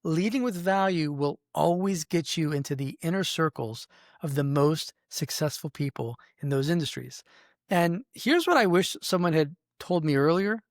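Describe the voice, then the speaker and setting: A man's voice: fairly high pitch, animated, moderate pace, no room sound, studio quality. A middle-aged man hosting a podcast, giving an earnest, emphatic motivational business talk from his office. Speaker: podcast host.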